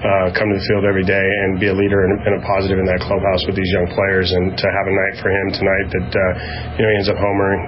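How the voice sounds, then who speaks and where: A baseball manager answers reporters after a game, pausing often and filling the gaps. His voice is low and stays flat. The recording sounds muffled, and steady room noise runs underneath. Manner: halting, heavy on fillers. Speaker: baseball team manager at a postgame press conference. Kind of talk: postgame press answers. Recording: muffled press-room audio with background noise.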